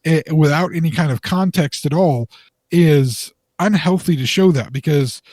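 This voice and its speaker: A man explains his point on a casual podcast, measured and steady, with fillers as he thinks. His voice is a touch high for a man. He is recorded close up and dry, with no echo. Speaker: podcast co-host.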